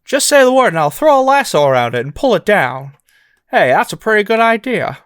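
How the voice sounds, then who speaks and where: An eager, earnest young suitor, as a man puts him on for fun, his voice pushed up high and loud as he rambles on excitedly. It sounds close and dry, with no room around it. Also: fairly quick, clear, resonant tone, no room sound. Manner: raised, excited, rambling delivery. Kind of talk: comic movie impression.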